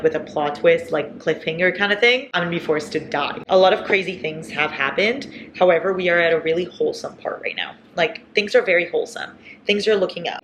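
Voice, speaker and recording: A woman's voice: on the low side, a little hiss or hum. Chatty, dramatic young woman vlogger. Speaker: book vlogger. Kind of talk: casual reading vlog. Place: indoors at home.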